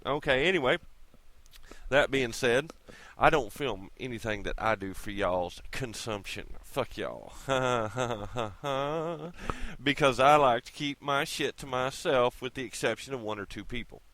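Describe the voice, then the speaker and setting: A man's voice: medium pitch, a little slow, a bit bright. A man delivering a casual, folksy, profanity-laced rant straight to his viewers, whom he calls kids. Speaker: video blogger. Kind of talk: casual ranting monologue.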